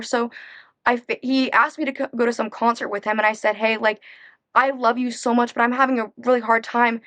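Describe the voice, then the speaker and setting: A young woman of nineteen recounts a personal experience as a guest. Her voice sits a bit high and the sound is dry and close. She speaks frankly in quick bursts, with lots of fillers and restarts. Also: little pitch movement, fairly bright tone, dry recording. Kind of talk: candid personal storytelling.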